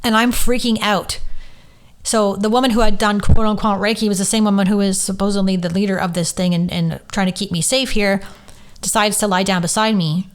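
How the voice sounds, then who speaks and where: A woman's voice: mid-range voice, fairly even intonation, brisk, clean tone. A woman hosting a podcast, candidly telling a personal story with strong emotion, holding back tears and swearing freely. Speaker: podcast host and Reiki teacher.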